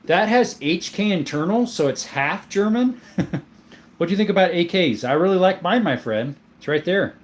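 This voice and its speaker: A man's voice: sits high, animated, moderate pace. A man hosting a casual livestream, reading viewer comments aloud and answering them in a friendly way, often calling people "my friend.". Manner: friendly, answers viewer questions about his gun collection; often says "my friend" and "mate". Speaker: livestream host reading chat.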